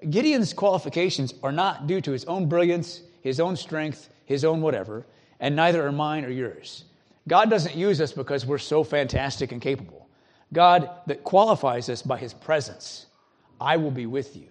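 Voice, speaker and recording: A male pastor delivers a sermon in an earnest, conversational tone. His voice sits a little higher than most men's, and he leans on emphatic pauses to drive his points home. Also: lively intonation.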